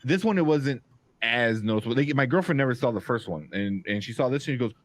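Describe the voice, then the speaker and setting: A man's voice: medium pitch, lively intonation, fast talker. A man chatting casually as a movie reviewer, laid-back and quoting himself in asides. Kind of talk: casual chat.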